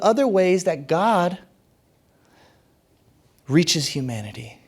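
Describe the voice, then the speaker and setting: A pastor preaching a sermon, emphatic, repeating phrases and rising sharply on key points. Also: male voice, fairly high pitch, moderate pace.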